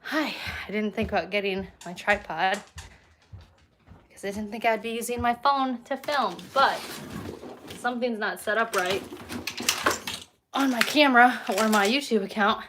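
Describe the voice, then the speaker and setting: A woman's voice: fairly high pitch, a little slow, long pauses, pushed and bright, slight background noise. A woman chatting casually and candidly to her viewers at home, filming herself on a phone set on a tripod. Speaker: lifestyle vlogger. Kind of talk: casual chat to camera.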